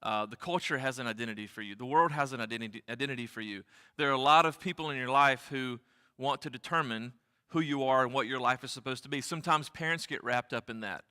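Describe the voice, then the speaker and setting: A man's voice: medium pitch, quick pace, sharp tone, clear, resonant tone. A man preaching a sermon as pastor, speaking earnestly and repeating key phrases for emphasis. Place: church sanctuary. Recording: long church hall reverb.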